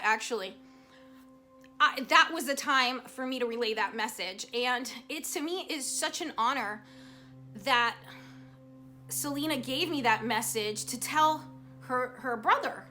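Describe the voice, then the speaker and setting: A woman casually telling a personal story to camera as a psychic vlogger, animated and emotional, with many fillers. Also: a little high. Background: soft background music.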